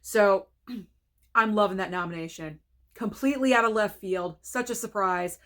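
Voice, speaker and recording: A chatty woman reviewer giving an excited reaction to camera, mid-pitched. She gasps and gushes between frank, opinionated remarks. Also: normal speed. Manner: excitable, gasping and gushing. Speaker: film reviewer. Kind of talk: casual reaction video.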